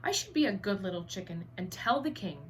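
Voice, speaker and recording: A woman voicing a fretful little female chick in a storybook read-aloud, squeaky and alarmed. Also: very animated, fairly quick, far from the mic, slight background noise, natural voice.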